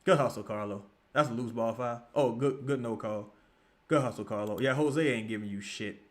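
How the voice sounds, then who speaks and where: A man giving profane, excitable live commentary while he watches a basketball game, often shouting at plays. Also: mid-range voice, normal speed. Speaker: live-reaction streamer.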